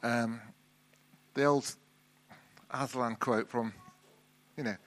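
A middle-aged man preaching a sermon in a relaxed, conversational way, often restarting and repeating words. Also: mid-range voice, slow, long pauses.

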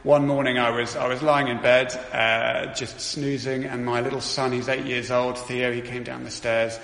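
A man's voice: mid-range voice, little pitch movement, moderate pace, gravelly, a bit bright. A middle-aged man giving an earnest sermon testimony, telling a story with frequent restarts. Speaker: preacher. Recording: roomy hall with long reverb.

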